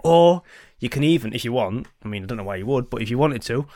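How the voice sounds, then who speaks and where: A man's voice: mid-range voice, expressive, quick pace, dark tone, no echo, clean studio sound. A man hosting a podcast in loose, chatty talk with casual swearing. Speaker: podcast host. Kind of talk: casual chat.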